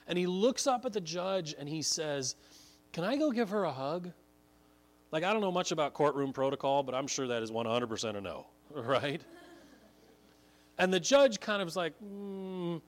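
A man preaching a sermon, telling a story earnestly and building to emphatic points. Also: on the high side. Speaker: pastor.

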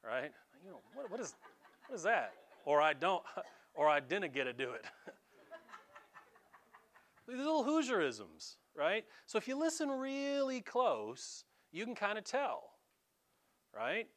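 A man's voice: sits high, huge pitch swings, slow pace, pauses often, fairly bright tone, a little hiss or hum. An American man preaching a sermon in a casual, conversational way, now and then mimicking regional accents. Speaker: pastor.

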